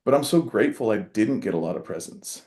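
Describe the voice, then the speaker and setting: A man's voice: on the low side, lively intonation, fast, darkish tone. A man co-hosting a podcast, speaking in an earnest, reflective way and sounding grateful. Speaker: podcast co-host. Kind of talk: casual conversation.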